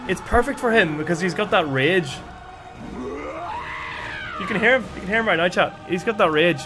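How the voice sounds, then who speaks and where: A young man streaming a video game, chatting casually and excitedly with his viewers. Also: high voice. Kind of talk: casual live-stream commentary. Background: game music and sounds.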